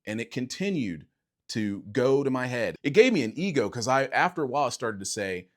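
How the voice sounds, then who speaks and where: A middle-aged man, a bassist, telling a reflective personal story to camera in a casual conversational way, acting out quoted dialogue. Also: big pitch swings, fairly quick. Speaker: bassist and video creator.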